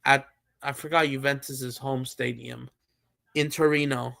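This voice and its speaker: A man's voice: mid-range voice, flat delivery, unhurried, creaky, a bit bright. A man hosting a live stream, chatting casually about football and thinking aloud with many fillers and restarts. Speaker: streamer host.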